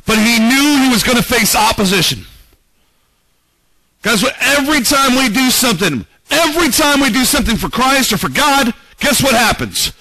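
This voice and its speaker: A man's voice: very high-pitched, expressive, moderate pace, pushed and bright, no room sound, poor audio. A man preaching a sermon as pastor, dramatically acting out quoted prayers and voices. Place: church.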